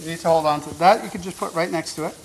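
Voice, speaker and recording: A man's voice: a little high, rapid-fire, vocal fry, a crowd in the background, low-quality recording. A man hosting a cooking show, giving upbeat, chatty step-by-step instructions with an encouraging, teasing manner. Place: show kitchen at the stove.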